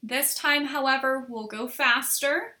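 A woman with a Polish accent hosting a language podcast, carefully enunciating each word in a slow drill, then chatting playfully with listeners. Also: sits high, sharp tone. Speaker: language teacher and podcast host. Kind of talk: slow pronunciation drill and upbeat lesson talk.

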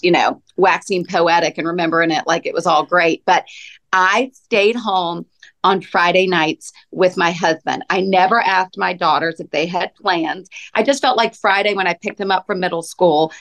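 A woman in her forties, a podcast guest in casual chat, telling lively stories and acting out what she said back then. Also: on the low side. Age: 40s. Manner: animated storyteller, acts out her own past lines.

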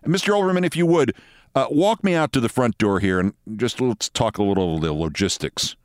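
A man voicing a genial middle-aged male college dean, talking in a smooth, salesman-like way. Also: medium pitch, animated, fairly quick, no room sound, clean studio sound, lightly acted.

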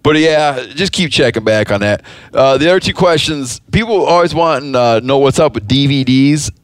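A man's voice: mid-range voice, animated, normal speed, no echo. A man hosting a casual podcast, talking in a rambling way with many restarts and dry jokes. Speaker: podcast host.

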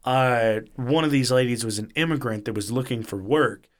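Animated man retelling a story. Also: medium pitch, moderate pace. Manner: animated retelling, swearing, acting out quotes in varied voices. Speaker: podcast host. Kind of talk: casual storytelling chat.

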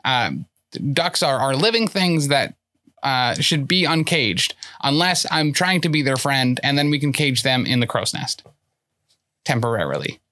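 During a tabletop game session, a player speaks in character with a bright, forceful tone and a pitch that swings widely. The delivery is animated yet a little slow, rationalizing earnestly and matter-of-factly while stumbling into fillers and restarts.

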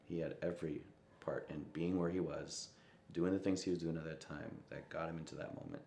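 A young man, a musician, telling a personal story in an interview, reflective and often quoting others in a soft voice. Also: extremely low pitch, fairly even intonation, brisk, roomy sound, slight background noise. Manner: reflective, quotes voices with soft asides and laughs.

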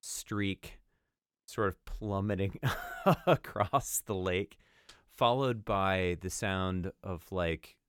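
A man's voice: sits low, extremely slow, clean tone, no room sound, studio quality. A man in casual chat, telling an anecdote with vivid, amused detail. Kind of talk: casual storytelling.

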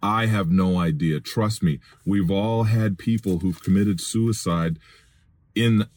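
Middle-aged male podcast preacher, very deep, earnest and pleading, recorded dry and close in a car. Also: darkish tone, dry recording. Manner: earnest, pleading, rises to raised emphatic appeals. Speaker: podcast host and Christian minister. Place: in a vehicle.

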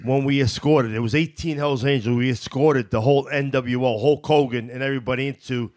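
A man's voice: mid-range voice, steady tone, a little mellow. A man in casual chat who tells a story in a plain way, stopping often to search for words. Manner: plain-spoken, halting, many fillers.

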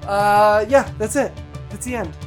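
A man's voice: sits high, a little slow, faint music behind. Dry-witted man in his thirties. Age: 30s. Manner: dry, wry quips. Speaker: podcast co-host. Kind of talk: casual chat.

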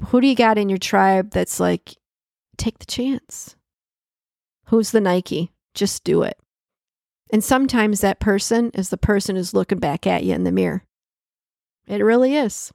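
A woman of middling pitch hosts a reflective solo podcast, speaking close to the mic in a dry, dead room. She talks conversationally, repeats key phrases for emphasis and laughs often. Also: moderate pace, gravelly, a little mellow, no room sound. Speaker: podcast host.

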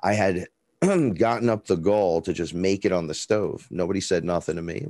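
A man's voice: deep voice, normal speed, a little mellow, no room sound. A man with a Bronx accent, a guest in an interview, telling a rambling story bluntly and with swearing, acting out what people said. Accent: New York (Bronx). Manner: rambling, blunt and profane, acts out dialogue.

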